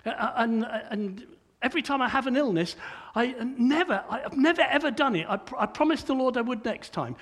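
A man's voice: very high voice, expressive, fairly quick, a bit bright. An older man preaching a sermon in a conversational way, often stumbling and restarting his words.

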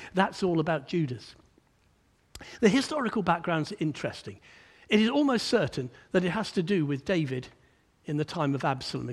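A male preacher delivers an energetic sermon that rises to emphatic peaks and falls to low, quiet stretches. He tends to repeat words at the start of sentences.

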